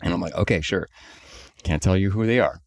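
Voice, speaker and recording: A man co-hosting a podcast, telling a long story in a casual, animated way and acting out the people he quotes. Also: sits low, brisk, vocal fry. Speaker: podcast co-host, company CEO.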